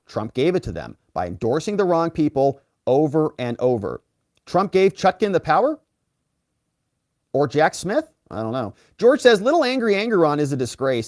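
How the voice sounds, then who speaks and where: A man hosting a live legal commentary stream, reading out viewer comments and giving sarcastic, animated asides. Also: fairly high pitch, no echo, studio quality. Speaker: lawyer and livestream host.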